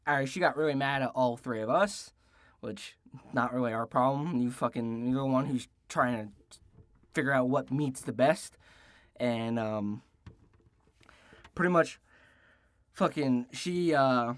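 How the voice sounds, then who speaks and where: A man's voice: medium pitch, measured pace, long pauses, dry recording. A young man in his late teens telling a casual story-time tale, rambling and profane with lots of restarts and fillers. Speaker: storytelling vlogger.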